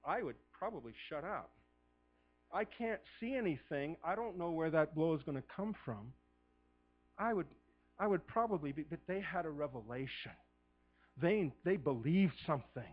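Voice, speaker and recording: A middle-aged man preaching a sermon as pastor, fervent, swinging from a hushed voice to shouting. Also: a little high, expressive, moderate pace, highs cut off, faint music behind.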